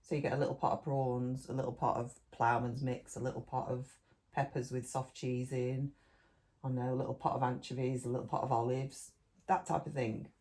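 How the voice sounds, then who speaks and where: A woman's voice: a bass voice, level tone, fairly quick, a little mellow. Middle-aged woman chatting on a podcast, rambles in long lists, keeps restarting her sentences. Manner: rambling, listy, restarts mid-thought. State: eating while talking. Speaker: podcast co-host. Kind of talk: casual chat.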